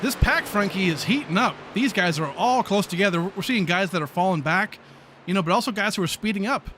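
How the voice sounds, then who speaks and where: High-voiced guy doing live play-by-play on a sim truck race, excitable, lots of fillers. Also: a little fast, slight background noise. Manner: excitable, chatty, frequent fillers. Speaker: sim racing play-by-play commentator.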